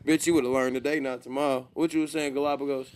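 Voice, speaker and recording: A man's voice: medium pitch, fast. A young man co-hosting a podcast, telling stories in casual chat with friends and laughing often. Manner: animated storytelling, laughing often. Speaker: podcast co-host.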